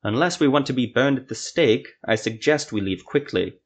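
A man voicing a calm, smug male sorcerer in a fantasy audio story, speaking in a needling way. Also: medium pitch, normal speed, husky.

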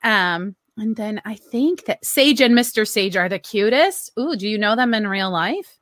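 A woman's voice: mid-range voice, expressive, moderate pace, a bit bright, no room sound, studio quality. A middle-aged woman co-hosting a casual chat show, playful and teasing, reading out listener comments and laughing easily. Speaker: podcast co-host.

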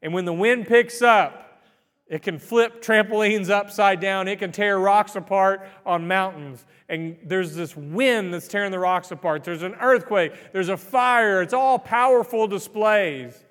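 A man in his thirties giving a sermon as pastor, talking in a conversational, animated way. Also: sits high, unhurried. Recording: reverberant hall.

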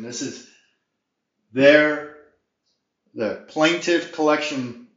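A man's voice: mid-range voice, echoey room, dull audio. A man giving an informal video lesson on debt defense, emphatic and folksy, often wandering off on tangents.

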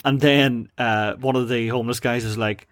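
A man co-hosting a podcast, casually recapping a cartoon episode, with quick quoted voices and frequent laughs. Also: mid-range voice, fairly even intonation, dry recording, clean studio sound. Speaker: podcast co-host.

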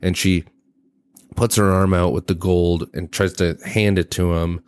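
Low-voiced guy on a podcast rambling about a movie, swears a lot, lots of ums, dry close sound. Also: flat delivery, a little slow, darkish tone, clean tone, dry recording. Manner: rambling and profane, with many fillers and restarts. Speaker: podcast host. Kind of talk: casual movie review podcast.

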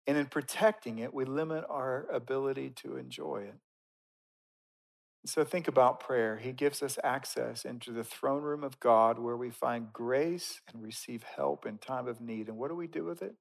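A man preaching a sermon in a conversational, emphatic way, swinging from loud bursts down to quiet, slow stresses. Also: mid-range voice. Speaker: pastor.

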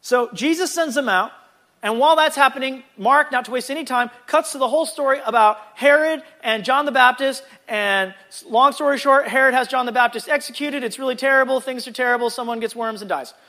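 A man leading a casual Bible lesson with a very high, bright voice. He talks in a chatty, animated way and keeps dropping in jokey asides. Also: fairly quick. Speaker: Bible study teacher.

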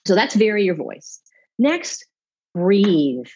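A woman speaking as a public speaking coach in an off-the-cuff interview, animated and demonstrating with her voice. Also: medium pitch, slow pace, slightly rough, dull audio.

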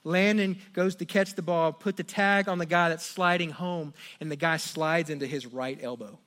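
A middle-aged man preaching a sermon, telling a family story with animated swings from hushed asides to loud exclamations. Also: fairly high pitch, normal speed. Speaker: pastor.

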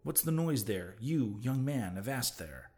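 A man voicing a flustered older landlady who scolds and frets in rapid exclamations, in an audiobook reading. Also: mid-range voice, lively intonation, mellow. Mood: fretful scolding. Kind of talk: audiobook character voice.

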